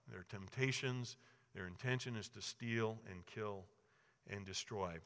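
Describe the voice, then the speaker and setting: A man's voice: medium pitch, a bit bright. A man preaching a sermon, telling Bible stories and acting out the quoted lines with rising emphasis. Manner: storytelling, acts out quoted voices with rising emphasis. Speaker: pastor. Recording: long hall reverb.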